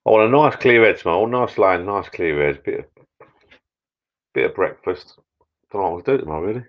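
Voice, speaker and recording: Man, middle-aged, very low voice, rambling jokey live-stream host, dull lo-fi sound. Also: brisk. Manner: rambling, jokey, repeats words. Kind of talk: casual live stream chat. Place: backyard garden bar shed.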